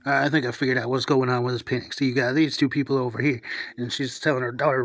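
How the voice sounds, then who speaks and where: A man's voice: mid-range voice, little pitch movement, fast, a bit bright, no room sound. A man joking as he describes a painting. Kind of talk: comic commentary on a painting.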